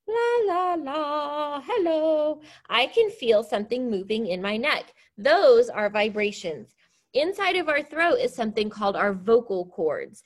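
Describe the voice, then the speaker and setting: A woman's voice: on the high side, sing-song, normal speed. A woman teacher leading a science lesson, explaining step by step in an upbeat, encouraging way. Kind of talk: classroom science demonstration.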